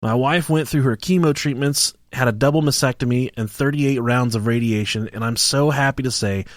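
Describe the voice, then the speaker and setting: A man's voice: mid-range voice, fairly quick, no room sound, clean studio sound. A man co-hosting a podcast, reading listener emails aloud and cracking crude jokes between them. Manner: crude joking, mocking voices when quoting people. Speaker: podcast co-host.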